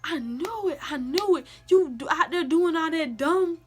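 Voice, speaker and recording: A woman doing a shrill, scolding grandma. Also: normal speed. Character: frantic, scolding old grandmother.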